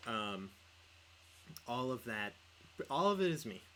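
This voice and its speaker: A young man talks through a casual livestream chat, rambling and leaning on filler words. His pitch sits in the middle of the range. A faint hiss of background noise runs underneath. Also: sing-song, takes it slowly, pushed and bright, rough recording. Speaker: podcast co-host and player.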